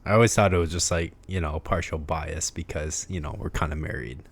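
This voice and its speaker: Deep-voiced laid-back young man. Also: steady tone, a little fast, breathy edge. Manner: laid-back, self-deprecating. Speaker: podcast co-host. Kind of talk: casual chat. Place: small living room.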